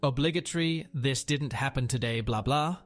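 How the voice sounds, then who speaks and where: A man's voice: medium pitch, normal speed, faint music behind. A man narrating a Reddit post aloud in a wry, sardonic manner.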